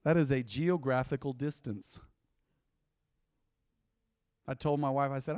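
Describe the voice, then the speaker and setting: A man, preaching a sermon as pastor and acting out conversations in a lively storytelling way. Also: medium pitch, moderate pace, long pauses, no room sound.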